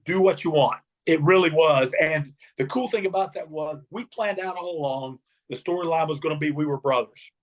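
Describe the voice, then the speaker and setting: With hardly any pauses, a middle-aged man who once wrestled tells stories in an interview at a normal speed. His voice is a little high, and he animatedly acts out the quotes of the people involved.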